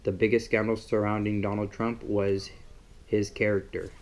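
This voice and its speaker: A man's voice: fairly low pitch, level tone, normal speed. A young man rambling casually about his political opinions in a vlog, with lots of filler words. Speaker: vlogger.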